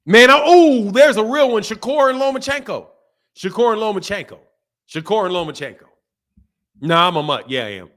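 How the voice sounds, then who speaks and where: A man's voice: high-pitched, expressive, fairly quick, a bit bright. A man with a Philadelphia accent hosting a casual boxing livestream, reading super chats in a playful way and repeating phrases.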